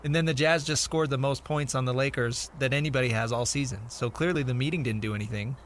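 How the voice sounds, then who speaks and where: A man's voice: mid-range voice, fast talker, slight background noise. A man filling in as a sports radio co-host, chatting in an easygoing, dryly sarcastic way. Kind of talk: casual sports talk.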